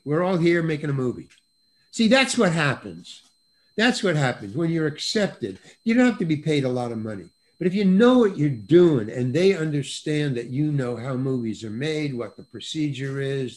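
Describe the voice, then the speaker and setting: Lively older man telling a story. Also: fairly high pitch. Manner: lively, acts out other people's voices, repeats and restarts words. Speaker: guest actor. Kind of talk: animated storytelling anecdote. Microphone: video call.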